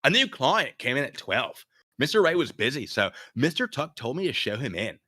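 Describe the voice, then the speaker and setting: A man's voice: huge pitch swings, bright, forceful tone, exaggerated voice. Man voicing a shell-shocked young secretary. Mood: shaken. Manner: high, strained, halting telling.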